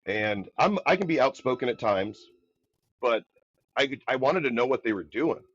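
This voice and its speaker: A man from the Midwest, a podcast guest, telling a story in a loud, energetic, casual way. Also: medium pitch, normal speed, husky. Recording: dull, dry podcast audio.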